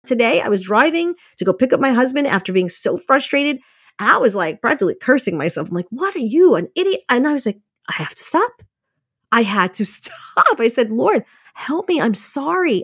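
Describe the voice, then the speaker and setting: With a mid-range voice and clean, echo-free studio sound, a podcast host in her thirties talks frankly and chattily to her audience, offering casual motivation and laughing often.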